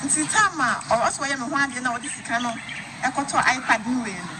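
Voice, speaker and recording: Fast-talking woman telling a story. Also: high voice. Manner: animated storytelling, switching between Twi and English. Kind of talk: casual gossip chat. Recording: noisy background.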